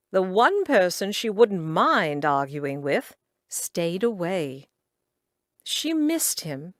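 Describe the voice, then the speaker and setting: A woman reads a romance audiobook with a dramatic, expressive delivery. Her pitch rises and falls widely while she keeps an unhurried pace. The recording is dry and close. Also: dry recording. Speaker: audiobook narrator. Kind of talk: scripted audiobook narration.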